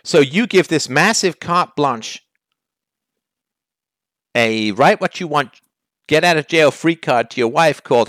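A man's voice: a little high, expressive, measured pace, pauses often, fairly bright tone, no echo, studio quality. A man hosting a call-in advice show, talking bluntly and challenging the caller with heat.

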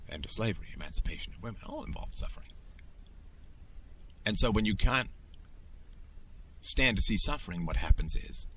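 A low-pitched man delivers an emphatic solo monologue as a podcast host. His tone is bright and forceful, and he keeps pressing his points with rhetorical tags. A faint hum of noise sits behind him. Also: lively intonation, a little fast, poor audio.

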